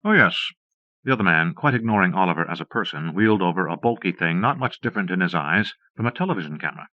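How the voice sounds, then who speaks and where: A man narrating an audiobook with a steady, measured delivery. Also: sits low, no room sound. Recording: dull dry cassette audiobook.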